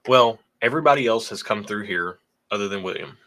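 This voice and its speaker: Bright-voiced, low-pitched man chatting casually. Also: a little fast. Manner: laid-back, joking, chatty. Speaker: whiskey channel co-host. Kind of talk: casual livestream chat reading donations.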